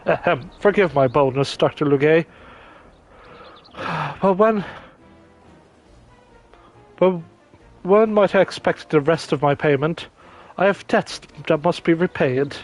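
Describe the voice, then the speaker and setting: A man's voice: a little high, slow pace, pauses often, faint music behind. A man voicing a fawning, crooked male minion in an overly formal manner while reading game dialogue aloud.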